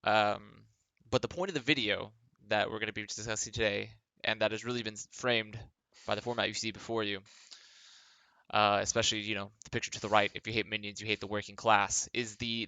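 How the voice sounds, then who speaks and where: A man's voice: on the low side, steady tone, fast, pushed and bright, clear, resonant tone, dry recording. A tired young man, a former esports pro, talking in a casual vlog monologue from his home workspace, rambling with lots of fillers and dry sarcasm.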